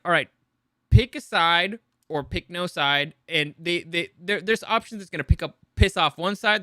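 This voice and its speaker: Bright, crisp-voiced man rambling. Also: fairly high pitch, dry recording, clean studio sound. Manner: rambling, many restarts and opinionated asides. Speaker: entertainment news host. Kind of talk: casual news commentary.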